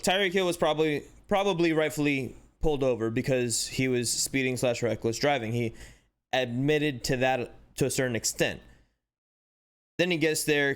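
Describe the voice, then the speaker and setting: A man hosting a sports channel, giving casual, animated commentary with exasperated rhetorical questions and lots of "like". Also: medium pitch, smooth. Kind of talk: casual commentary breaking down footage.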